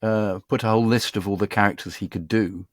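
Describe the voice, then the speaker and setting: A man's voice: lowish voice, fairly even intonation, fast, no room sound. A man who is a guest voice actor, telling rambling studio anecdotes in a casual chat. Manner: rambling anecdotal storytelling with hesitations.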